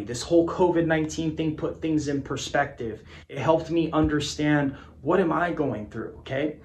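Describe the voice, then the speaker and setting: Male business coach, slightly high-pitched, blunt and emphatic motivational delivery to camera. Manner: punchy, emphatic, repeats phrases, swears casually. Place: indoor office with a whiteboard. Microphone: camera mic.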